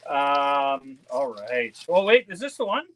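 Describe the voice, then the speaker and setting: Bright-voiced chatty beer stream host. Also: male voice, mid-range voice, sing-song, takes it slowly, a little hiss or hum. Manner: chatty, laughs often, talks to viewers. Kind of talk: casual live-stream unboxing chat.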